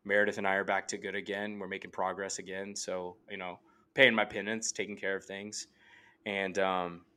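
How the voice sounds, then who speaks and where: Over a remote call microphone, a man in his late twenties, appearing as a podcast guest, delivers a casual personal story, earnest and rambling with plenty of "like." His low voice is pushed, bright, clear, and resonant, flat in delivery at normal speed.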